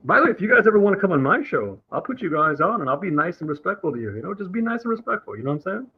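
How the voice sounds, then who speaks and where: A caller on a live streamed talk show argues heatedly, his voice very animated and racing over a faint hiss or hum. He lectures in an aggrieved tone and mimics the people he quotes in a higher voice. The stream audio is dull and lo-fi.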